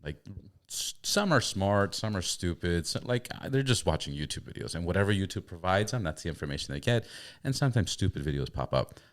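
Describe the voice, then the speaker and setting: Deep-voiced, animated male host. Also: brisk. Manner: animated storyteller, repeats words when starting. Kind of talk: casual conversation.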